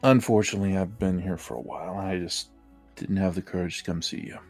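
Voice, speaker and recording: A man's voice: low voice, fairly even intonation, fast, a little mellow, soft background music. A man playing a tabletop game, voicing his character with playful sternness. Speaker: player.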